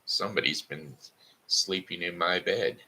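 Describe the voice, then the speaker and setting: A man voicing a gruff, grumbling father bear in a storybook reading, blunt and complaining. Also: low-pitched, measured pace, bright, forceful tone, pitched above the performer's own voice, full character voice.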